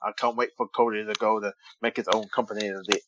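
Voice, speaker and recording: A man's voice: fairly low pitch, level tone, fairly quick, fairly bright tone, lo-fi sound, a little hiss or hum. A man co-hosting a wrestling podcast in casual chat, joking and teasing, often stumbling over names. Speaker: podcast co-host.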